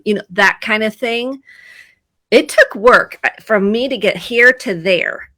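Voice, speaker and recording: A woman's voice: medium pitch, a little slow, bright, forceful tone, dry recording. A woman therapist talking casually on a video call, telling stories and acting out her own quoted lines with animation. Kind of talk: video chat about mental health.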